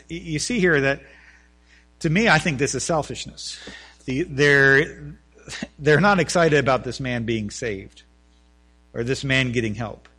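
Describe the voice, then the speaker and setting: A man preaching a sermon as pastor, rising to loud emphatic peaks and dropping low, often repeating words and restarting sentences.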